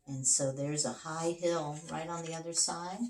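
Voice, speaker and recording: A woman teacher reading a children's storybook aloud, slow and expressive; roomy sound with the mic far off. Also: low voice, a little hiss or hum. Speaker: middle school teacher.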